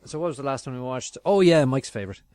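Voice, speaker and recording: A man's voice: medium pitch, lively intonation, fast, a little mellow, dry recording. A man hosting a casual review chat, chatty, laughing often and trailing off with fillers. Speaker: podcast host.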